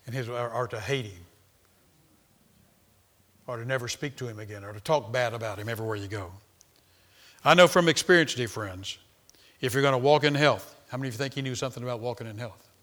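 Bright-voiced dramatic male preacher. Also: mid-range voice, a little fast, pauses often. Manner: dramatic storytelling with big swings of volume. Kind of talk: sermon.

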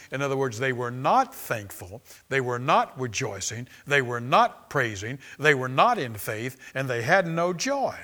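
A man's voice: medium pitch, sharp tone. A man preaching a sermon as pastor, emphatic and repetitive, calling out to the congregation for amens.

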